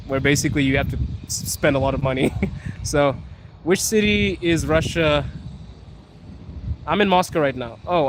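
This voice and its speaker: A young livestream host walks a city street with his phone held at arm's length, reading viewers' comments out loud in a relaxed, playful manner and laughing a lot. His voice is mid-range, and street traffic can be heard behind him.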